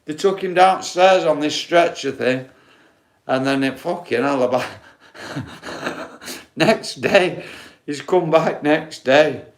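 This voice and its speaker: A man with a broad Yorkshire accent hosts a livestream and talks straight to his viewers. He tells loose, rambling stories full of swearing, at an ordinary middle pitch. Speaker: livestream host.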